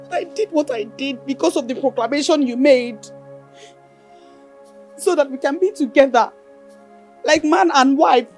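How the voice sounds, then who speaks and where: A woman's voice: high voice, moderate pace, pauses often, soft background music. An actress playing a desperate, scheming village woman, pleading intensely in a film drama. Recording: echoey room with film score.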